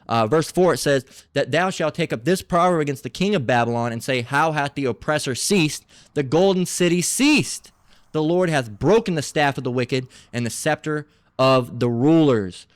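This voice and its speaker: Reading scripture aloud, this slightly high-voiced man keeps stopping to restart, slipping between passages into stumbling, combative remarks that mock and swear. There's no echo on the audio.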